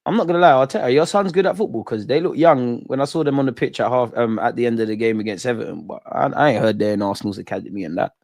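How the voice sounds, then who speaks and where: A man's voice: medium pitch, fast talker, vocal fry, hardly any pauses, a little mellow, dry recording, clean studio sound. A young man doing live, jokey, slang-filled football watch-along banter with his chat. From England.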